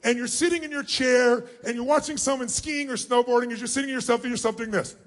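High-pitched, energetic male seminar speaker. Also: fast talker. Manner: energetic, commanding, calls for shouted answers. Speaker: motivational speaker leading a large audience exercise. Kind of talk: live seminar talk to a huge crowd. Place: large arena.

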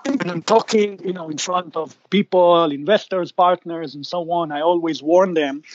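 A man's voice: on the high side, moderate pace, dull audio, a little hiss or hum. A man who founded a startup, a guest on a podcast interview, explaining his work at length with many restarts and fillers.

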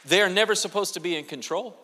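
Guy pastor preaching, bright high-ish voice, joking around with the crowd, big echoey church hall. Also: quick pace, slight background noise. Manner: animated and joking, with playful asides to the congregation. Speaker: guest pastor. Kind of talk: sermon. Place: church sanctuary. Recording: long reverb of a large church hall.

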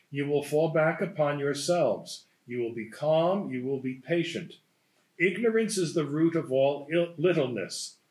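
A man, a priest, giving a conversational lecture with anecdotes, often checking in with his listeners. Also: mid-range voice. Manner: conversational, checks in with "right?" and "huh?". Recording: echoey lecture hall.

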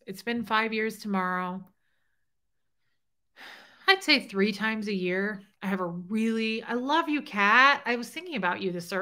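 Reading comments on her casual livestream, the middle-aged host chats in a heartfelt, openly emotional manner. Her mid-range voice comes across bright, with a forceful tone.

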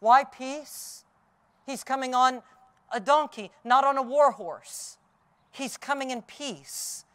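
A middle-aged man preaching an Easter sermon outdoors, telling the story vividly and dropping from loud cries to hushed tones. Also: very high voice, takes it slowly, smooth. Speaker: pastor. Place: outdoors on a hilltop.

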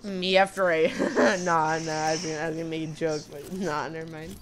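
A woman's voice: sits low, a little fast, faint music behind. A young woman streaming a video game live, swearing freely and laughing a lot as she talks. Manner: profane, excitable, laughs often. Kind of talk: live gaming commentary.

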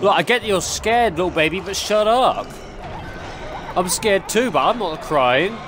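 Young guy yelping through a horror game, voice all over the place, a bit high. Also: animated, a little slow, music in the background. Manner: jumpy, exclaiming, talks to game characters. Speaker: gaming YouTuber.

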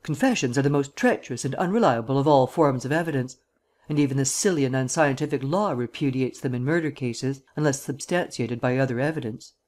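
A male audiobook reader voicing a witty, condescending gentleman detective with an airily superior, drawling manner. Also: medium pitch, a little fast, close to an everyday voice. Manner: drawling, airily superior, archaic upper-class phrasing. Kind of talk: audiobook character reading.

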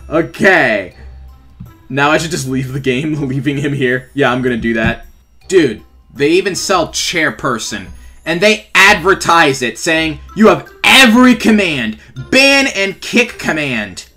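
A man's voice: mid-range voice, expressive, a little slow, sharp tone. A young man doing playful, sarcastic gameplay commentary as a gaming YouTuber, often laughing as he talks. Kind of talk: gameplay commentary while trolling. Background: faint background music.

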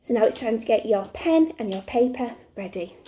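A woman teaching a phonics lesson to young children, slow and encouraging, with sing-song praise. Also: on the high side, expressive, dark tone, slight background noise. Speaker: primary school teacher.

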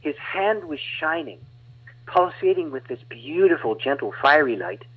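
Husky-voiced man telling a testimony. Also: a little high, normal speed. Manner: animated, dramatic retelling with laughs. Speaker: guest healing evangelist. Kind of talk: storytelling testimony. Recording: dull lo-fi audio.

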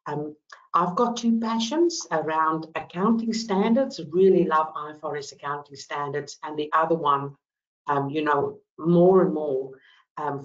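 A woman with a South African accent presents a business webinar with enthusiasm, often pausing on "um". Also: low voice, lo-fi sound. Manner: enthusiastic, frequent ums. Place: Melbourne.

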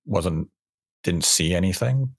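A man's voice: sits low, animated, slow, breathy edge. A man hosting a casual podcast discussion, explaining his points at length in an analytical way. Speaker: podcast host.

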